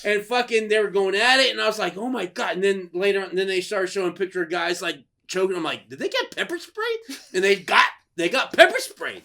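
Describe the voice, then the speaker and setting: A man co-hosting a podcast in casual chat, telling a story with lots of swearing and loud acted-out quotes. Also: high-pitched, quick pace, gravelly, few pauses. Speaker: podcast co-host.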